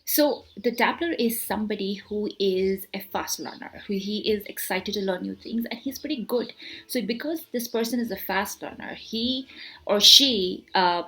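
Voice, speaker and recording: Woman giving a lively motivational talk. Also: medium pitch, moderate pace. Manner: explains with hand gestures, repeats words, many fillers; animated rhetorical questions. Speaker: motivational speaker. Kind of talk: casual talk to camera.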